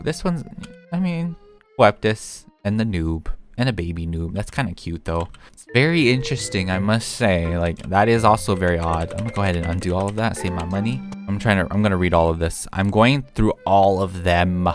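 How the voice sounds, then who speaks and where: A man's voice: deep voice, a bit bright. A man giving casual, rambling gameplay commentary with frequent giggles and fillers. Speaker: gaming video creator. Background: background music.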